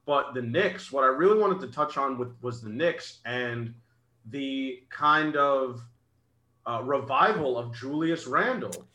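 Earnest sports co-host, man, bright edgy voice, echoey room. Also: medium pitch, a little slow. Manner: earnest, rattles off stats. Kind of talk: casual sports chat.

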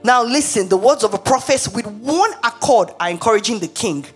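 A woman's voice: fairly high pitch, expressive, fairly quick, slightly rough, faint music behind. A woman playing a sly, wheedling messenger. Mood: coaxing. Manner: coaxing, confidential, conspiratorial.

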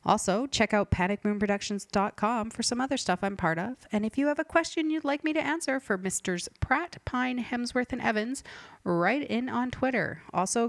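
Rambling deadpan woman podcast host. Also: on the high side, no echo, clean studio sound. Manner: rambling, self-interrupting, forgetful. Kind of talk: deadpan comedic podcast monologue.

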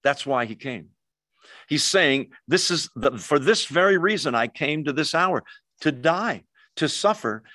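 A pastor with a fairly high voice preaches a sermon, teaching verse by verse and putting questions to his congregation. His delivery is expressive, and there's no room sound on the recording.

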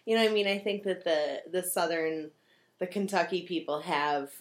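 A woman talking through a film in casual chat, lively and quick to laugh. She slips into the characters' voices to act out her favorite lines, then drops back into her own easy, everyday voice. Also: lowish voice. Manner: animated, laughs often, acts out quotes.

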